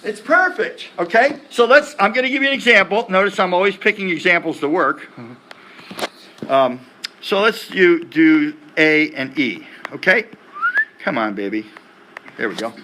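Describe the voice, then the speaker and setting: A man teaching music theory in a classroom lecture, animated, firing quick questions at the students and tossing in slang. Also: high-pitched, slight background noise. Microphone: laptop recording the lecture. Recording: echoey classroom from a distance.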